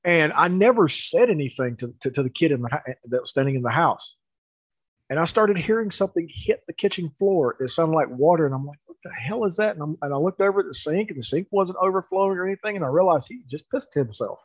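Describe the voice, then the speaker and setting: A man telling a story in casual chat, animated, with laughs and restarts. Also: on the high side, fast, breathy edge, no echo, low-quality recording.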